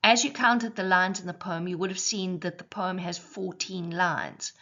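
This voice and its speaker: A woman teaching a poetry lesson, explaining clearly and slowing down to stress syllables. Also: fairly low pitch, steady tone, sharp tone, lo-fi sound.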